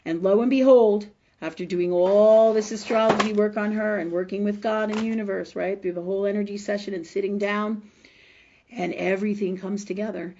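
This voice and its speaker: A woman's voice: medium pitch, dark tone, highs cut off. A middle-aged woman hosting a live spiritual health show, telling a story emotionally and emphatically, swearing freely and often asking "right?".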